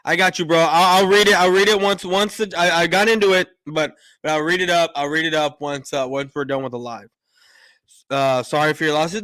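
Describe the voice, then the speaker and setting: A man's voice: on the high side, steady tone, brisk, sharp tone, no echo, clean studio sound. A man hosting a casual livestream, rambling with many fillers and restarts, greeting viewers in the chat and sounding a little choked up. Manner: openly emotional, a little choked up. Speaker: livestream host.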